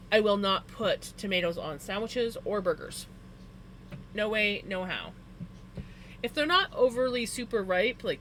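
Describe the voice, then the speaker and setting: A streamer talks casually to a live audience in a bright, forceful voice. The talk rambles from story to story, full of "like" fillers, and turns firm and emphatic on personal likes and dislikes. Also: mid-range voice, slight background noise. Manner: emphatic about personal preferences.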